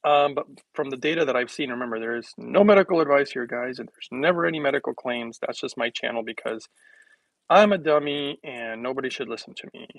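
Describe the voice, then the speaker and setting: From his kitchen, a health livestream host rambles to his viewers, trailing off, circling back, joking and laughing often at his own jokes. His gravelly voice sits at an ordinary middle pitch and runs a little fast. The recording is dry and close, with no room echo.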